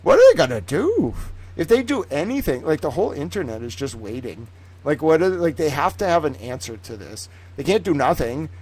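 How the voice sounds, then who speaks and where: Excitable, profane man streaming. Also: a little high, fairly quick, husky. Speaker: livestream host. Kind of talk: casual livestream commentary.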